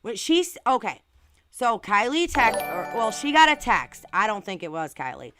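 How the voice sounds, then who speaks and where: A woman's voice: fairly high pitch, very animated, moderate pace, music in the background. A woman hosting a casual livestream who reads viewer comments and reacts in an outspoken, indignant way with rhetorical questions. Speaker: channel host reading viewer comments.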